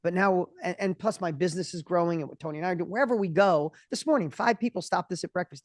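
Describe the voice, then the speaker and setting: A man in his fifties, a guest entrepreneur in an interview, talking with passion and often restarting his words when excited. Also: sits high, dry recording, studio quality. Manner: passionate, acts out other people's voices in quick bursts. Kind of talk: energetic interview conversation.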